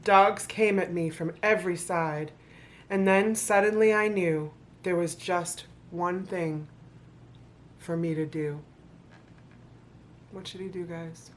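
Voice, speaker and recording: A woman with a lowish voice reads a rhyming children's book aloud to camera. She stops often for dry, joking asides, then picks the story back up. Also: steady tone, slow, pauses often, slight background noise. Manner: sarcastic, playful commentary between read lines. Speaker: vlogger reading a children's book.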